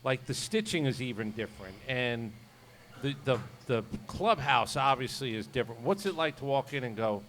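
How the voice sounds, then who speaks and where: A man's voice: mid-range voice, animated, moderate pace, a bit bright, slight background noise. A man hosting a casual interview, chatty and encouraging, joking along with his guest. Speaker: host.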